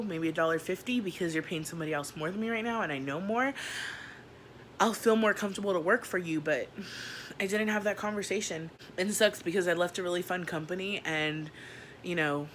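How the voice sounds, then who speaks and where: Young woman, storytime vlog, slangy and animated, sharp bright voice, faint background hiss. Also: fairly low pitch. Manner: animated, slangy, acts out each scene. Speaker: vlogger.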